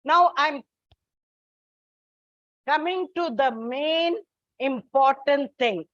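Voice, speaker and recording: Slow, high-voiced woman teaching English. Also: fairly bright tone, no echo, muffled recording. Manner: slow, explanatory, spells out letters and repeats key points. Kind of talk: exam coaching lesson.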